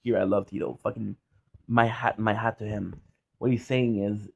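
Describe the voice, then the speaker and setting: A man's voice: on the low side, steady tone, moderate pace, vocal fry, breathy edge. A man hosting a reaction video, giving casual, candid, profane commentary with lots of restarts and fillers.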